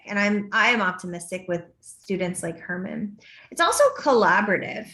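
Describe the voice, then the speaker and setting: A woman's voice: medium pitch, normal speed, pushed and bright. A middle-aged woman giving a talk at a forum in a medium voice, telling stories and slipping into quoted back-and-forth dialogue. The sound carries a roomy echo. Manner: storytelling, acts out quoted exchanges. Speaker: education speaker.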